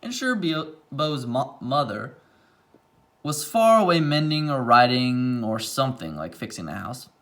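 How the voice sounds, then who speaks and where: A man reading a rhyming picture book aloud, pausing now and then for quiet asides about the pages. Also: medium pitch, very animated.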